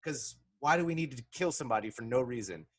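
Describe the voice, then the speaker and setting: A man giving sarcastic, profane reaction commentary, swinging between low mutters and loud outbursts. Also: animated, fast, slightly rough.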